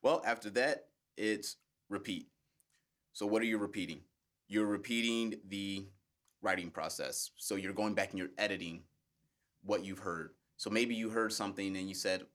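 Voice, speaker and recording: Deep-voiced man explaining calmly. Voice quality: deep bass voice. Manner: measured, explanatory, laughs easily. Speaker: guest, public speaking coach. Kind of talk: conversational podcast interview.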